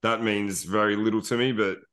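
A man's voice: fairly low pitch, fairly even intonation, a bit bright. A man with an Australian accent, a guest on a podcast, chatting in a rambling, easygoing way. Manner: rambling, easygoing, quick asides. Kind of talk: casual podcast chat.

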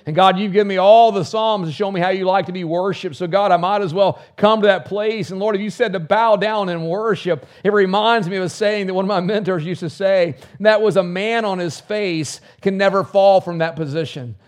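A middle-aged man preaching a sermon, with fervent bursts that drop into soft, low prayer. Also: fairly quick, few pauses. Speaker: pastor.

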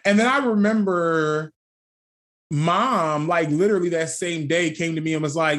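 A man's voice: a little high, normal speed, a bit bright. Young man telling a story candidly. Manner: candid storytelling, swears freely, laughs often. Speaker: podcast co-host. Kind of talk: casual chat.

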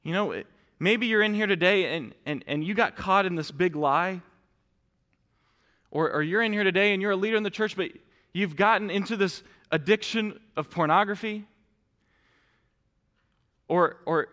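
A man's voice: high-pitched, normal speed, sharp tone, in a large hall. A man preaching a sermon in a church, talking earnestly to the congregation and often restarting his sentences. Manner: earnest, direct address with frequent restarts. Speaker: pastor. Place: church sanctuary.

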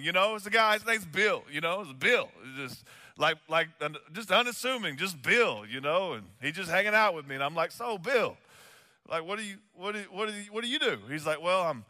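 High, bright-voiced pastor preaching. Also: male voice, big-room sound. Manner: animated, chatty, many fillers. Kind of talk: sermon with storytelling.

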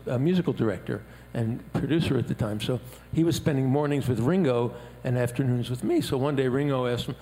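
A man chatting casually about his music career, an animated storyteller who slips into other people's voices when he quotes them. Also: mid-range voice, fairly quick, hardly any pauses. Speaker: musician guest. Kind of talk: casual chat. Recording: long hall reverb with faint noise.

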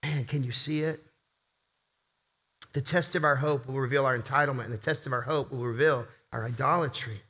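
A man's voice: mid-range voice, steady tone, fairly quick, pushed and bright, breathy edge. A man preaching a sermon as pastor, impassioned, rising and falling for emphasis.

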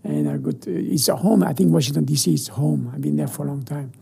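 An older man with a French accent, a chef being interviewed, talking with animated enthusiasm in broken English and often repeating his words. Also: a little high, fast talker, vocal fry, husky. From France. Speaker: guest chef. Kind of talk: casual interview.

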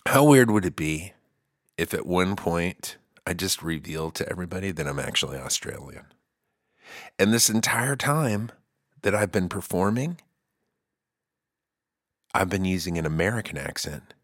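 A man's voice: low-pitched, animated, measured pace, pauses often, fairly bright tone, no room sound, clean studio sound. A man hosting a podcast, rambling through a comedic monologue full of goofy asides and jokey tangents, now and then slipping into an exaggerated country drawl. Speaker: podcast host.

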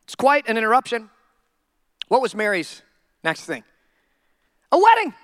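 A male pastor preaching a sermon in a humorous, animated storytelling way. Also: extremely high pitch, a little slow, no room sound, studio quality.

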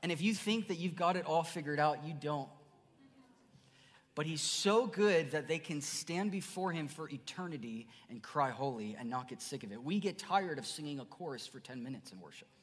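A man preaching a sermon as pastor, earnest, dropping to soft murmurs then rising to emphatic bursts. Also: a little high, animated, moderate pace. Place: church sanctuary. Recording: church hall reverb.

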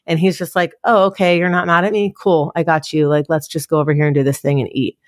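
A woman's voice: sits low, flat delivery, quick pace, no room sound, studio quality. A woman in her thirties, a podcast guest in casual conversation, telling candid stories and quoting herself and her son.

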